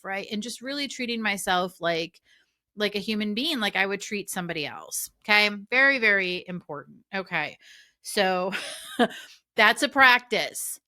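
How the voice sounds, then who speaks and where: A middle-aged woman life coach and podcast host, talking casually with chatty asides in a warm coaching tone. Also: mid-range voice. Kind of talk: casual solo podcast talk.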